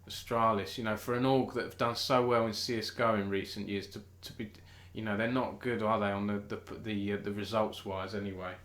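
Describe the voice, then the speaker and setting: A man's voice: lowish voice, fairly even intonation, brisk, hardly any pauses, fairly bright tone, roomy sound. A British man hosting a casual live-streamed esports news chat. He talks in a chatty way, restarts often and thinks aloud.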